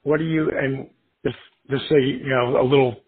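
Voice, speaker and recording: A middle-aged man, a podcast guest, telling a story in casual, animated fashion and acting out the voices he quotes. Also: mid-range voice, normal speed, soft background music. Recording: tinny phone line.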